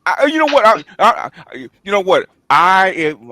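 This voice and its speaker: A man with a lively, swooping voice and a bright, forward tone. He talks emphatically in a casual group chat, stammering through restarts and dropping into low mutters. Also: a little slow, few pauses, no room sound.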